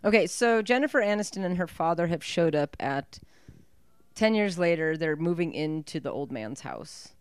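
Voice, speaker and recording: A woman's voice: on the low side, lively intonation, moderate pace, smooth, no echo, studio quality. A Scottish woman co-hosting a podcast, chatting casually about a movie, teasing and laughing often. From Scotland. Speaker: podcast co-host. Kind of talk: casual movie commentary chat.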